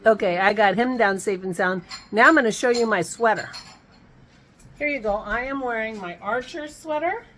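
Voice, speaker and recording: A woman's voice: fairly high pitch, normal speed, a bit bright, a little hiss or hum, poor audio. A woman hosting a casual home vlog, chatting in a rambling way and breaking off mid-thought, with hiccups. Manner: rambling, chatty, self-interrupting. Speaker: vlog host.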